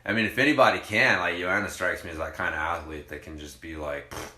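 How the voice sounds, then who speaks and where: A man with a very low, bright-edged voice chats casually on a podcast, easygoing and agreeable. The recording has a roomy echo. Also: fairly even intonation, quick pace. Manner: laid-back, agreeable, swears casually. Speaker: podcast co-host. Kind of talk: casual chat.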